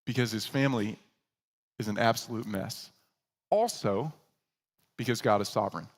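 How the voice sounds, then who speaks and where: A man preaching a sermon as pastor, telling a story with animated delivery and acting out the characters he quotes. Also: lowish voice, normal speed, big-room sound.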